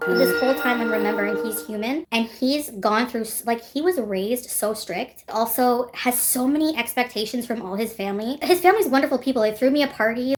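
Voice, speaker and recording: A woman vlogger chatting casually on a livestream, rambling, swearing freely and laughing often as she answers her chat. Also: a little high. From Canada.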